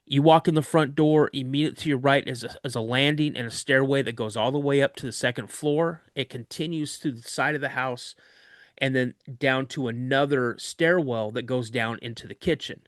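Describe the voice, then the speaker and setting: A man's voice: mid-range voice, fairly quick, no room sound, clean studio sound. A man, a podcast guest, vividly recounting a frightening personal story. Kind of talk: recounting a scary true story.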